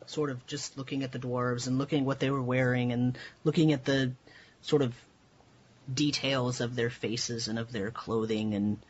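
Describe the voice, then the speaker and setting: A man narrating as game master in a tabletop game, halting with many fillers. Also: mid-range voice, fairly even intonation, slightly rough. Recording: dull lo-fi voice chat with faint hiss.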